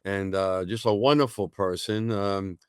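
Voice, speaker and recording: A man talking as a guest in a casual radio interview, halting, with many fillers and restarts. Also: on the low side, steady tone, clean tone, no room sound, clean studio sound. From United States. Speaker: guest, natural health college founder.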